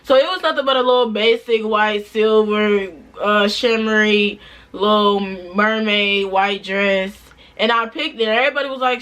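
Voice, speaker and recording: A young woman telling a personal story in a chatty storytime vlog, often turning to her viewers with quick asides. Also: fairly high pitch. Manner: chatty, animated retelling with repeated asides to viewers. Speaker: vlogger.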